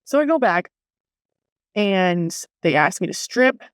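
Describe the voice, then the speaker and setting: A young woman telling a personal story to her vlog audience in a casual, animated way, swearing freely and acting out what others said. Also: medium pitch, slow pace, clear, resonant tone, dry recording, clean studio sound. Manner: animated, swears freely, acts out quoted voices. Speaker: vlogger.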